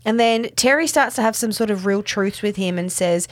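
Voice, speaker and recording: A woman, recapping a TV episode in casual chat, full of "like" and "um" and quick laughs. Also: medium pitch, dry recording. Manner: chatty, filler-heavy with frequent "like" and "um", laughs often. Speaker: podcast co-host.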